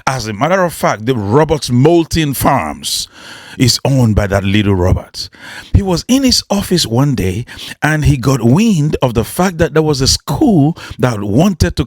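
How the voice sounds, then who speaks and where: A man's voice: medium pitch, big pitch swings, unhurried, no echo, studio quality. A man preaching and storytelling with emphasis, often repeating lines rhetorically. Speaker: motivational preacher.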